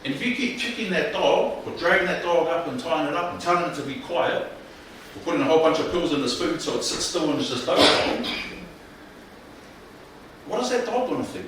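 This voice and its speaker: Animated New man leading a workshop. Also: a little high, a little fast. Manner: animated, colloquial, asks the audience questions. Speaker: workshop presenter. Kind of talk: mental health workshop talk. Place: room with live audience. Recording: echoey room, distant mic, faint noise.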